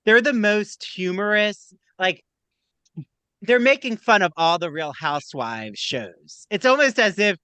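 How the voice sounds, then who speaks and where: A man's voice: high-pitched, animated, pushed and bright, clean tone, dry recording. A man hosting a casual podcast, chatting about reality TV with a playful, mocking humor. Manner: playful, mocking, quick to joke. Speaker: podcast host. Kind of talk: casual gossip chat.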